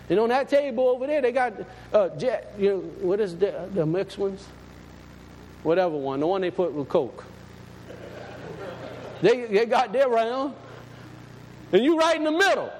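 A man preaching as pastor, with a high, light voice and a plain-spoken, folksy delivery. He drives his points home with emphasis. The sound carries a long, hall-like reverb. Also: a little hiss or hum. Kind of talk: sermon.

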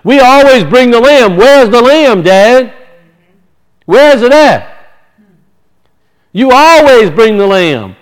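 Man doing anxious young son, high raised voice, urgent repeated questions, smooth tone. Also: very animated, slow pace, long pauses, exaggerated voice, low-quality recording. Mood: anxious, puzzled.

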